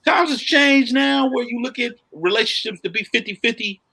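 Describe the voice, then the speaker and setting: A man's voice: extremely high pitch, normal speed, gravelly, pushed and bright, husky. A man co-hosting a podcast, telling stories in a casual chat with lots of animation and "you know what I'm saying". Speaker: podcast co-host.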